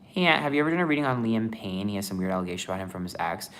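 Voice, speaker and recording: A man's voice: on the low side, expressive, rapid-fire, a bit bright. A man chatting casually on a livestream as a tarot reader, rambling with lots of fillers.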